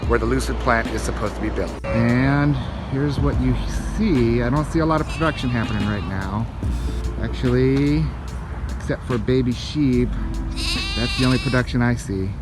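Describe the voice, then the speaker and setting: A man's voice: mid-range voice, moderate pace, music in the background. Chatty man reporting outdoors. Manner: chatty, lightly joking. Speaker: field reporter. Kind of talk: casual on-location video message. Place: outdoors by a field.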